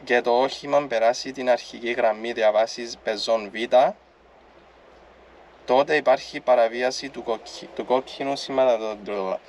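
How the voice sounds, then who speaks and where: Blunt, casual male vlogger with a mid-pitched voice who swears freely and stumbles through read-out text, with faint room sound behind. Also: fairly even intonation, a little hiss or hum. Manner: casual and blunt, swears, halting when reading Greek aloud. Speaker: vlogger explaining traffic rules. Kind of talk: casual explainer chat.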